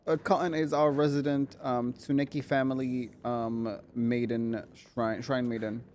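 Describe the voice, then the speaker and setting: A man streaming a horror game, chatting excitedly with viewers, swearing and laughing as he plays. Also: mid-range voice, a little slow. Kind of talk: casual gameplay commentary.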